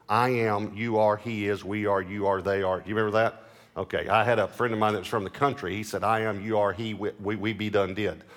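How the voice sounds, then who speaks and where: A male pastor delivering a sermon, reading scripture aloud and stressing key words by slowing down and rising in pitch. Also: a bit bright. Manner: reads scripture aloud between explanations.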